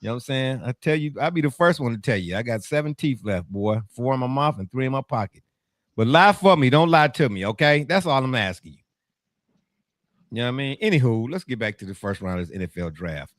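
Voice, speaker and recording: A man hosting a casual sports talk show, animated and teasing, laughing often. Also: medium pitch, fairly quick, no echo, clean studio sound.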